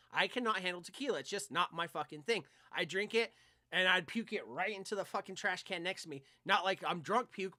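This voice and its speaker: A man's voice: sits high, no echo, clean studio sound. A young man co-hosting a podcast, telling a rambling, profane story in casual chat. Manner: profane, animated, rambling anecdotes. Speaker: podcast co-host.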